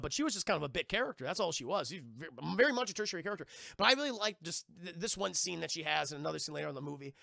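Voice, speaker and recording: A man's voice: fairly high pitch, gravelly, pushed and bright, dry recording, studio quality. A man streaming a casual, profane, rambling movie recap to his chat.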